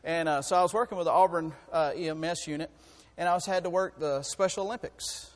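A man, preaching a folksy sermon that rises to fervent shouting. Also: fairly high pitch, fairly even intonation, fast talker, long reverb tail.

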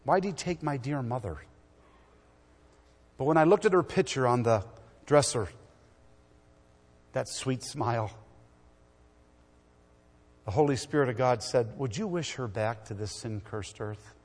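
A man's voice: medium pitch, expressive, a little slow, long pauses. Preacher man in a reverberant hall. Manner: swings from loud exhortation to quiet storytelling. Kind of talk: sermon. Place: church.

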